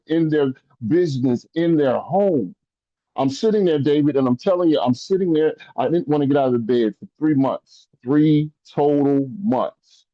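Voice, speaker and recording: A man delivers an impassioned motivational speech to an online audience, and his manner is close to a preacher's. He speaks to the listeners directly and builds toward intense climaxes. His voice sits fairly high but sounds mellow, and it comes through dry, slightly dull video-call audio. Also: no room sound.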